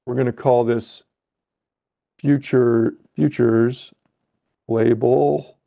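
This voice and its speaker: Teaching on a live webcast, a man works through trading software, talking his thoughts out and fixing his own mistakes as he goes. He speaks at medium pitch, very slowly, in a steady, creaky tone.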